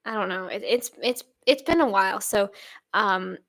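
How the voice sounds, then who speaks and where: A woman's voice: medium pitch, normal speed, creaky, a bit bright, dry recording. A woman in her twenties from Sweden, chatting casually and reading out viewer comments in an upbeat, rambling way with frequent laughs. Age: 20s. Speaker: channel host.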